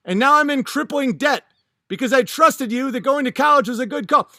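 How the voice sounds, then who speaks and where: A man's voice: very high voice, a little fast, sharp tone, dry recording, clean studio sound, voice pushed up, full character voice. A man voicing an aggrieved young adult son who pleads with his father.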